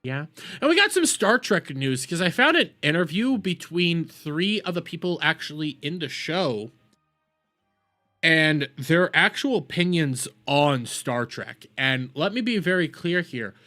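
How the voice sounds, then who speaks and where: A man's voice: on the high side, sing-song, measured pace, faint music behind. Ranting, profane male streamer. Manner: loud profane ranting, repeats himself. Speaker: streamer host. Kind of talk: ranting live stream commentary.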